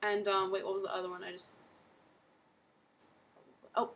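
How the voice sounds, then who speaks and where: A woman's voice: mid-range voice, little pitch movement, normal speed, a bit bright, low-quality recording. Woman, casual webcam tutor, meandering delivery packed with fillers. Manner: rambling, lots of "like" and "um". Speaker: accent tutor.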